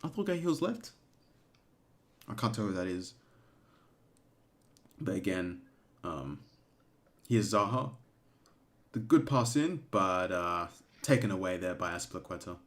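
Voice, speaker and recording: A man giving casual live commentary during a watch-along stream, excitable and emotional, breaking into shouts at big moments. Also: low voice, a little slow, pauses often. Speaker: fan streamer commentating a match.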